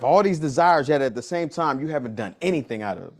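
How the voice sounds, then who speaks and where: A man's voice: a little high, animated, fast talker, few pauses. A man leading a business coaching workshop in a casual, slangy way, repeating key lines for emphasis. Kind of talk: motivational workshop talk.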